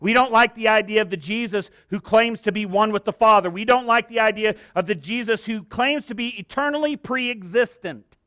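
A man's voice: sits high, normal speed, hardly any pauses, pushed and bright, no echo. A man preaching an expository sermon, earnest and direct, reading scripture and adding joking asides.

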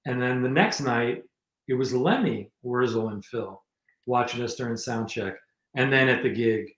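A man's voice: medium pitch, moderate pace, a bit bright. New man telling rambling stories, roomy. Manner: rambling anecdotes with many restarts. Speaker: guest musician and filmmaker. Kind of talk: casual storytelling interview.

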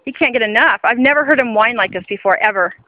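A woman's voice: on the high side, quick pace, no echo, narrow, tinny audio. A woman talking sweetly to her dog in a casual home video outdoors. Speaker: dog owner filming her pet.

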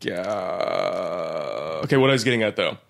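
A young man co-hosting a podcast, rambling quickly with many restarts in casual chat. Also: mid-range voice, bright, forceful tone. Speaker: podcast co-host.

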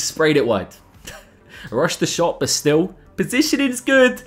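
A young man commentating his own football video game matches in a casual, excitable way, his voice jumping up at big chances. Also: on the high side, slow pace, faint music behind. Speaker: gaming YouTuber. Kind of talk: gameplay commentary.

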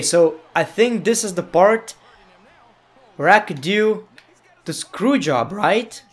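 Young male gaming YouTuber, high voice, playful live commentary with mock-angry yelling. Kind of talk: gameplay commentary.

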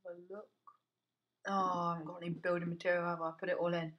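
A man's voice: high-pitched, level tone, quick pace, lo-fi sound. Jumpy teen boy narrating gameplay. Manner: jumpy, swears, yelps when startled, mutters to himself. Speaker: gamer. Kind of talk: casual gameplay commentary.

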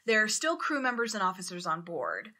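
Bright-voiced woman telling a story animatedly. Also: medium pitch, a little fast. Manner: animated, swears, acts out quotes loudly. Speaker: podcast co-host. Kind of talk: casual storytelling chat.

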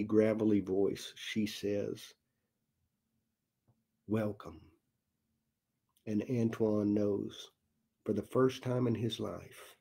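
A male pastor telling a story in a sermon, slow and deliberate with long dramatic pauses. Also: fairly low pitch, gravelly, mellow, husky. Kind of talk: sermon storytelling in a recorded Bible study.

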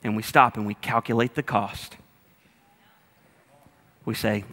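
A man's voice: on the low side, steady tone, unhurried, long pauses, sharp tone, long reverb tail. A man preaching a sermon as a pastor, talking in a humorous, conversational way straight to his congregation. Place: church auditorium with a congregation.

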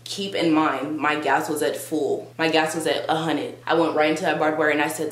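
A woman's voice: sits low, little pitch movement, fairly quick, hardly any pauses. A young woman vlogger telling a comic story in a dramatic, sarcastic, exaggerated way. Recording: roomy with faint hum.

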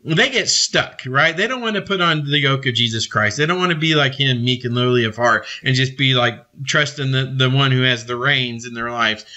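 A man giving an informal devotional teaching, earnest and animated, rambling with many fillers. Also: medium pitch, moderate pace, few pauses, dull audio. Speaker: preacher.

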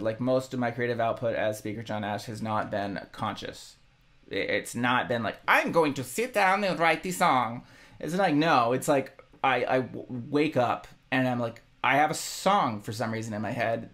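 A man musician talking casually about his own songs, halting and rambling with many restarts. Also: mid-range voice. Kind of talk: casual reflective monologue.

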